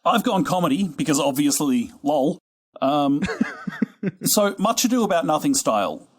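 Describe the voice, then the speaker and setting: Husky, sarcastic man. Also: a little high, animated, measured pace. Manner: joking, sarcastic. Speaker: podcast guest. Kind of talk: casual podcast chat.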